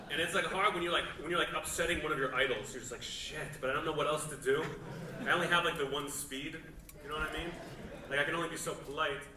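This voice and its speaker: Man, 30s, stand-up comedian, deadpan, odd pauses, higher-pitched voice, echoey distant theater recording. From Pittsburgh suburbs. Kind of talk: crowd-work Q&A on stage. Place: large theater. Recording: roomy, distant theater recording with crowd noise.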